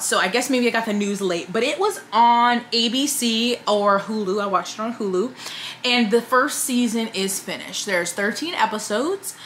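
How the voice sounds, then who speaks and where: A woman talking casually to camera as a book reviewer, chatty and opinionated, with many fillers and quick asides. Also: medium pitch, sharp tone, slight background noise.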